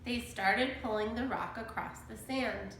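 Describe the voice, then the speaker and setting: A woman reading a children's chapter book aloud in a slow, deliberate storytelling manner. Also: on the high side, gravelly, fairly bright tone, roomy sound, a little hiss or hum, poor audio. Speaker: storybook reader.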